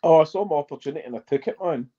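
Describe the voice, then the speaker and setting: A man's voice: fairly high pitch, racing, highs cut off, a crowd in the background. A Scottish man joining a casual stream chat over a video call, telling anecdotes in a dry way and swearing casually.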